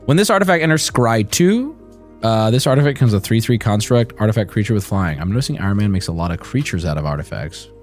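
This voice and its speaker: A male streamer opening card packs live and reading the cards aloud, excitable and profane. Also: on the low side, fast talker, soft background music.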